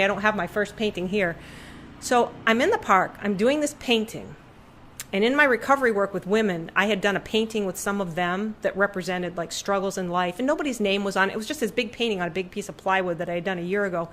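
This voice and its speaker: A middle-aged woman, a podcast guest and artist, telling a story in conversation and acting out the voices she quotes with sudden jumps in pitch, in a room hung with her paintings. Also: quick pace, a bit bright, a little hiss or hum.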